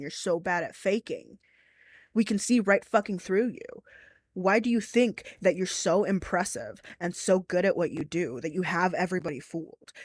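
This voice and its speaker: A woman's voice: mid-range voice, no echo, clean studio sound. A young woman streaming, chatting casually and ranting bluntly with lots of swearing and giggles. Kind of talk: casual live-stream commentary.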